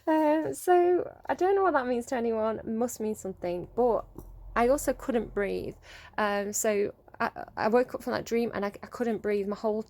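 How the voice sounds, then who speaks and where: A woman's voice: fairly high pitch, moderate pace, a little mellow. A woman giving a casual intuitive tarot reading, rambling and tentative as she thinks aloud. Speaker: tarot reader.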